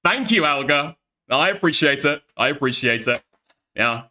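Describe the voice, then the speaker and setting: A young man with a softened northern English accent, reacting to a video in brash, sweary, animated commentary. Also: a little high, normal speed. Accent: Northern English, softened by the South. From Northern England. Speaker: streamer. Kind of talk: casual commentary over a video.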